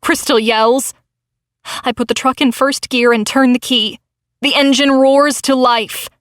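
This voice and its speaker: A woman's voice: sits high, a bit bright, dry recording, clean studio sound. A woman narrating a novel in the first person with dramatic, tense storytelling. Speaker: audiobook narrator.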